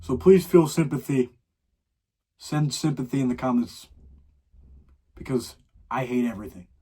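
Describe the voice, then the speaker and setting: A man's voice: mid-range voice, moderate pace, mellow, breathy edge. A teenage boy from Ohio hosting his own podcast, ranting with dramatic, exasperated complaints. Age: teens. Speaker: podcast host. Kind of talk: solo podcast rant.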